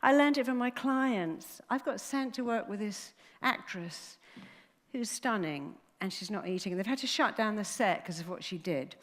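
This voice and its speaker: A woman therapist giving a motivational talk to a live audience. She speaks in a lively way and acts out inner dialogues in changing voices. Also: medium pitch, moderate pace. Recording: echoey hall with long reverb.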